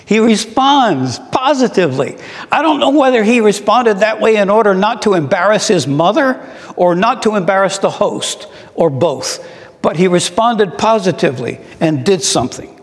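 Male preacher, middle-aged, unhurried and thoughtful, fairly high voice, long hall reverb. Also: animated. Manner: slow, reflective, with rhetorical questions. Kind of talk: sermon.

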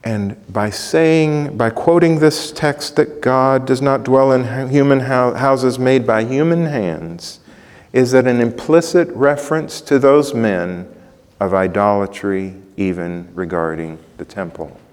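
Slow, deliberate preacher man in a reverberant hall. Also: medium pitch, a little mellow. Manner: emphatic, building intensity with repetition. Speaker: pastor. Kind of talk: sermon.

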